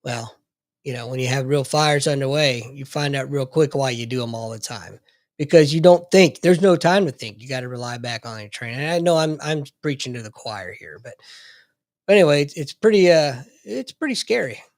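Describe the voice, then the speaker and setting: A man's voice: mid-range voice, expressive, fairly quick, no echo, studio quality. A man and Navy submarine veteran in a podcast conversation, telling war stories bluntly and with lots of cursing. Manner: blunt, profane storytelling. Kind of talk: casual chat.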